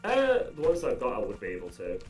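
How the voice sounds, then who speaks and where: A man serving as community ambassador on a casual gaming livestream, talking in halting bursts with many fillers. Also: medium pitch, huge pitch swings, a little mellow, faint music behind. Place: gaming livestream with game music behind.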